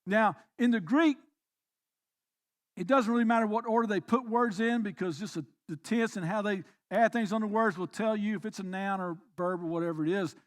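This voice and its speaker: A man with a very high voice preaches from the pulpit. He drops into quiet, reflective passages, then rises into emphatic, pressing exhortation. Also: normal speed. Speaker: pastor. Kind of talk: sermon. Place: church.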